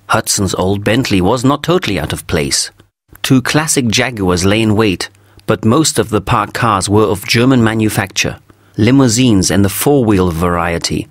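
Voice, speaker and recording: Low-voiced male story narrator. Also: expressive, moderate pace, dry recording, clean studio sound. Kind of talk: story reading for English learners.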